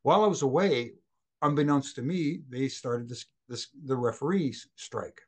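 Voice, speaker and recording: A middle-aged man, a former wrestling referee, telling animated backstage anecdotes as an interview guest and acting out other people's lines. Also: mid-range voice, normal speed, breathy edge. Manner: animated anecdotes, acts out quoted voices. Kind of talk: storytelling in a casual interview.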